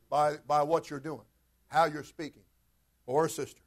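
A man's voice: a little high, normal speed, long pauses. A male pastor preaching a sermon in a fervent, conversational way, often turning to speak straight to his congregation.

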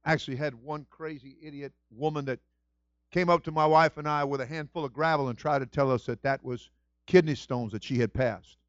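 A middle-aged male pastor preaching a sermon with passion, moving between hushed storytelling and shouted exclamations. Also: a little high, fairly even intonation, brisk, dry recording, lo-fi sound. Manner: exclaims "whew" and "woo".

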